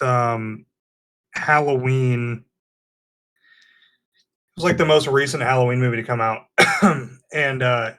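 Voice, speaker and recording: An animated man spins a rant on a podcast, cursing freely and leaning on dude and bro. His voice sits at an ordinary middle pitch. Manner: animated storytelling, heavy swearing, says "dude" and "bro". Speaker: podcast co-host. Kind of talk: casual chat.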